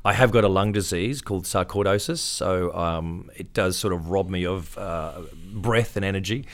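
A middle-aged Australian man with a fairly low voice tells stories in a relaxed interview. He talks casually and brings his anecdotes to life by acting out other people's voices. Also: normal speed. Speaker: interview guest, tribute performer.

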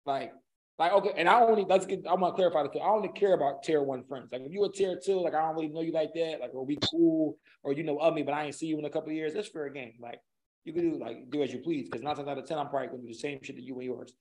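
Fast-talking man with a dark voice. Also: a little high, slight background noise, poor audio. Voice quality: rambling, repeats "like" often, hypothetical arguing. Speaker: podcast co-host. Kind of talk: casual chat.

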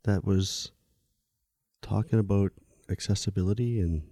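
A man's voice: low-pitched, fairly even intonation, a little slow, mellow, no echo, studio quality. A Canadian man chatting casually as a podcast co-host, wry and chuckling often. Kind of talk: casual chat.

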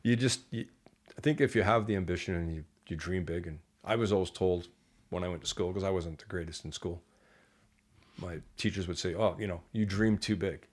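A man, a guest on an interview show, telling lively casual anecdotes and acting out the people in them. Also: deep voice, a little fast. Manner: animated anecdotes, acts out quoted people. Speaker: entrepreneur guest.

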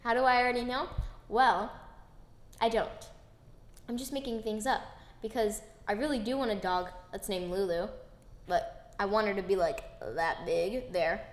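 A woman hosting her own podcast alone, chatting in a bubbly, rambling and excitable way. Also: mid-range voice, normal speed, long pauses, echoey room. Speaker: podcast host. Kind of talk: casual solo podcast chat.

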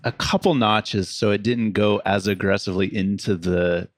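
A man's voice: fairly low pitch, moderate pace, dry recording, clean studio sound. A man co-hosting a music review show, giving casual feedback with lots of laughs and "like"s. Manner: giggly, lively, hedging with "like" and "um". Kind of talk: casual couch chat.

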